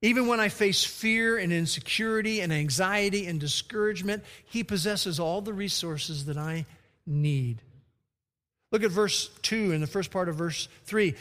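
A high-voiced pastor preaches a sermon from the pulpit at a moderate pace, shifting from a gentle story into emphatic scripture reading. A long reverb carries his voice through a large church hall.

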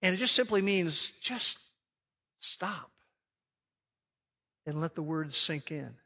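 Man, pastor, emphatic sermon, bright tense tone, long hall reverb. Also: a little high, animated, slow. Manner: emphatic preaching, swelling loud then dropping quiet.

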